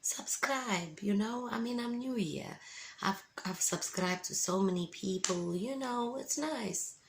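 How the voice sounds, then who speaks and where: Fervent, slow-talking woman giving testimony. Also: medium pitch, creaky, a little hiss or hum, poor audio. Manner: fervent, emotional, keeps asking listeners if they understand. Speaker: Christian vlogger giving a testimony. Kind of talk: emotional faith testimony to camera. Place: at home indoors with windows open.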